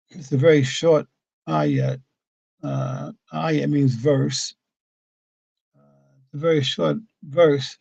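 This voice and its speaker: Male religious teacher, gravelly and slightly high-pitched, halting and explanatory, on dull lo-fi computer audio. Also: flat delivery, darkish tone, no echo. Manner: patient, explanatory, halting with frequent fillers. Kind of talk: weekly scripture study lesson. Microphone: computer mic at a desk.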